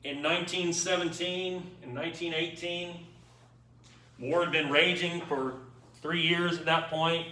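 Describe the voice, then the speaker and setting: A man's voice: fairly high pitch, fairly even intonation, measured pace, bright, forceful tone. A man giving an informal, wry history lecture to a class, checking in with his students as he goes. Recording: echoey room, mic far off.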